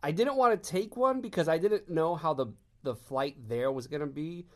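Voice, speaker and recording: A man from Texas telling fan anecdotes in casual chat, animated and laughing often as he acts out quotes. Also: on the high side, normal speed.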